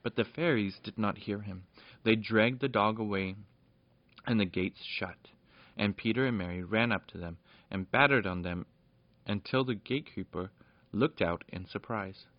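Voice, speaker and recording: A low-voiced man reads a children's storybook aloud in a plain, steady way, stumbling now and then. The recording is lo-fi and dry, with no room sound. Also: moderate pace, no echo. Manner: plain, steady reading with small slips.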